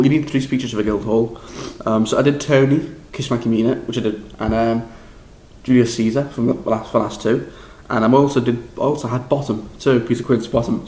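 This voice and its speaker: Chatty young Scouse man in an echoey room. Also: mid-range voice. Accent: Liverpool. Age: young adult. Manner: rambling, excitable, self-deprecating, frequent restarts and laughs. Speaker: drama school applicant. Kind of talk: casual vlog recap.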